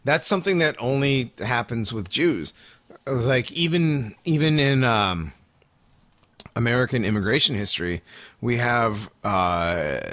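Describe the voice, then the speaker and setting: A man co-hosting a podcast, telling stories in a loud, animated way with bursts of laughter. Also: medium pitch, dry recording. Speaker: podcast co-host. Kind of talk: casual podcast chat.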